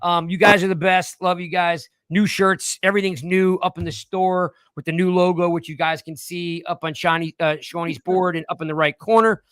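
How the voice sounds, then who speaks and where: Man in his forties, podcast host, rambling, joking, a fairly high voice, dry close sound. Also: steady tone, normal speed, few pauses, a bit bright, clean tone, no echo. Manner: rambling, joking, restarts often. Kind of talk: casual live-stream chat.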